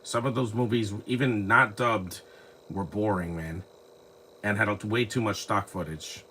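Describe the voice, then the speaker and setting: A man's voice: on the low side, measured pace, sharp tone, slight background noise. A man casually rambling through a live movie commentary, full of restarts and fillers, recorded on a phone at home. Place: home, lives near trees.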